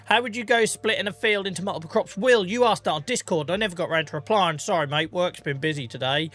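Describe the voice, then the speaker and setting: A man in his forties, live streaming a farming game and chatting casually with his chat, joking, laughing often and greeting viewers by name on a boom-arm mic. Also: fairly bright tone. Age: 40s. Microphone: boom-arm microphone.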